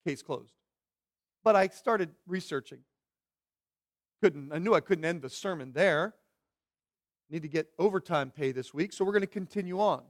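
A man with a fairly high voice preaches a sermon. He keeps it conversational, throwing questions at his listeners and briefly acting out the voices of the people in the story. His delivery is lively and moves up and down. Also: moderate pace, long pauses. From York County. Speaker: pastor.

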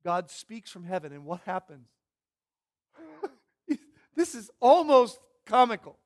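A man preaching a sermon, swinging from hushed, almost whispered lines to loud, emphatic bursts. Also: sits high, sing-song, takes it slowly. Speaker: pastor.

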